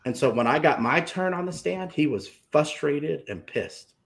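A man's voice: fairly high pitch, expressive, a little slow, creaky, fairly bright tone. A man, a guest author, telling an emotional story from his own life and acting out the voices of the people in it.

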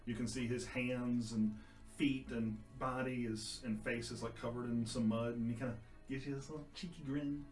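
A man narrating a tabletop game as game master, relaxed and rambling, with many fillers. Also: medium pitch, normal speed, soft background music. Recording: echoey room.

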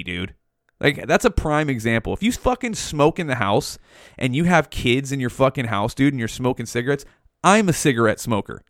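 Cursing constantly, a man in his forties rants heatedly on his solo podcast from a small room at home, mouth right on the mic. The mid-range voice comes through dry, with clean studio sound.

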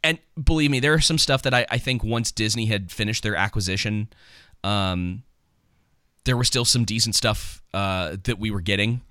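Male podcast co-host, low-pitched, relaxed rambling chat, lots of fillers. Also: moderate pace, smooth, no room sound, studio quality. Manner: rambling, many ums and restarts, jokey. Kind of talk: casual chat about movies.

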